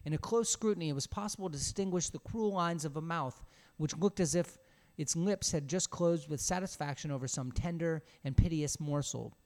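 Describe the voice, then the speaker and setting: Guy reading an old story aloud by himself, kinda high voice, expressive. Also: moderate pace. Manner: expressive reading with casual, swearing asides. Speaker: reader. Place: small room alone.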